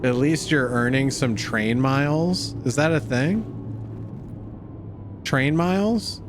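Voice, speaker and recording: A young man streams a space game over its music, his medium-pitched voice unhurried amid a noisy background. His casual commentary is profane and joking, packed with cursing and frequent laughter, and he calls everyone "dude."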